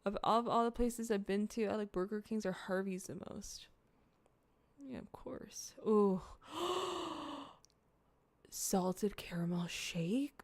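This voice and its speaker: Young woman streamer, loose rambling chat, cusses a lot, gravelly fry in the voice. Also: mid-range voice, slow, long pauses, no echo. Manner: chatty, rambling, swears freely, talks to chat. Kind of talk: casual livestream chat, eating on camera.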